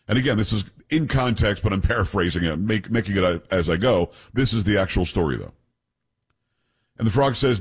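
Husky emphatic talk radio host. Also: male voice, lowish voice, animated, brisk. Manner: emphatic, retells stories with quoted voices. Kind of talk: political call-in talk radio.

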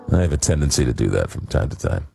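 Animated male talk radio host. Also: a bass voice, vocal fry. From Long Island, New York. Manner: rambling, self-deprecating, animated. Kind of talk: casual talk radio storytelling. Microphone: studio microphone.

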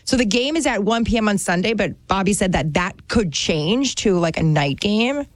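A woman from New Jersey, chatting casually and excitedly as a regular on a radio talk show, laughing often. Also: medium pitch, moderate pace, dry recording.

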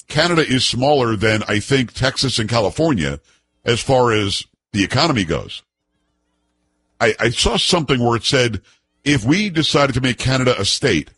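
Husky joking talk show host. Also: male voice, mid-range voice, dry recording. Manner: animated, joking, teasing. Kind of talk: casual talk show banter.

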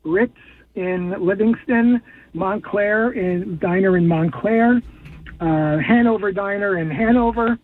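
A man calling in to a radio show over a tinny phone line. His voice sits high and a little husky, and he restarts his words as he lists places. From New Jersey. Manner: listing places, halting restarts. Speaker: caller. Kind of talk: call-in radio chat.

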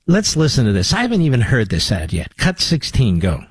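An older man hosting talk radio delivers a combative, sarcastic monologue, throwing mocking asides at his producer. His medium-pitched voice swings wildly in pitch at a fairly quick pace, with background noise present.

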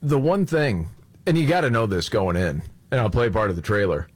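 Husky radio guy riffing with his co-hosts, voice bouncing all over, faint music under it. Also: on the low side, brisk, dry recording. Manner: lively, joking. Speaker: radio talk show co-host. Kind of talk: casual radio banter.

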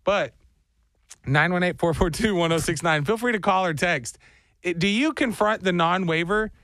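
A man hosting a radio show, telling a story with animated energy and acting out voices, in a studio. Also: high-pitched, moderate pace, no room sound. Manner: excitable storyteller, acts out voices. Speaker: radio host. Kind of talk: animated morning radio banter. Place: glass-walled radio studio downtown. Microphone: studio microphone.

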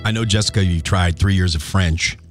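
A man's voice: low voice, brisk, over loud music. A man host in casual banter who jokes about himself and laughs a lot. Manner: playful, self-mocking, laughs often.

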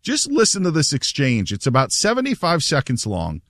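A man's voice: fairly high pitch, wildly swooping pitch, normal speed, a bit bright, no echo, clean studio sound. A man hosting a casual radio show, telling stories animatedly and laughing as he talks. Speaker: radio host.

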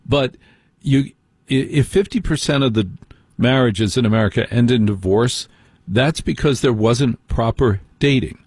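A man's voice: medium pitch, unhurried, darkish tone, husky, no echo, studio quality. A man hosting a call-in radio show, giving opinionated dating advice with playful asides. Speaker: radio host.

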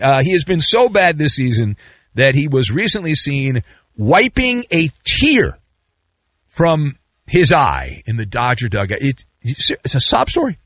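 A male podcast host giving a sarcastic, mocking comedic sports rant with sudden jumps in pitch. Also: huge pitch swings, moderate pace, a bit bright, no room sound, studio quality.

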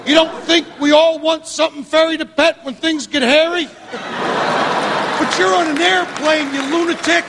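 A man with a high, gravelly voice rants through a stand-up bit. His delivery is exasperated and loud. The room rings with a long reverb and a noisy crowd. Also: fairly even intonation, measured pace. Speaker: stand-up comedian. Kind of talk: stand-up routine. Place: comedy venue with live audience. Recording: reverberant club with crowd noise.

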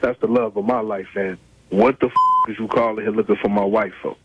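A man's voice: lowish voice, steady tone, brisk, breathy edge, no room sound, muffled recording. A man, angrily answering a prank call, swearing and repeating himself. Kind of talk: angry phone call.

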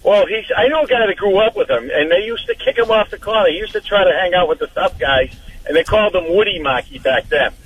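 A man's voice: high-pitched, animated, quick pace, highs cut off. Male caller, rambling chuckling storyteller, slight background noise. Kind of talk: call-in radio chat.

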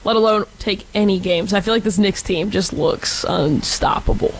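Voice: medium pitch, moderate pace, poor audio. A co-host from Texas in casual sports talk, hedging often with fillers and frank opinions.

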